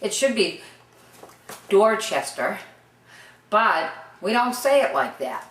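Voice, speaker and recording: A woman's voice: fairly high pitch, very animated, normal speed, a bit bright, recorded from a distance. Boston-accented woman hosting a jokey accent lesson, chatty and rambling, set back from the mic in an echoey room. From Boston, Massachusetts. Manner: rambling, chatty, drifts off on tangents. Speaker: host. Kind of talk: mock accent lesson to camera. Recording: roomy echo, away from the mic.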